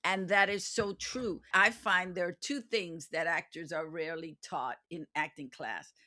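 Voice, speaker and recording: A woman's voice: on the low side, unhurried, bright, forceful tone. A woman acting coach hosting an interview, enthusiastic and quoting from her notes on the guest's book.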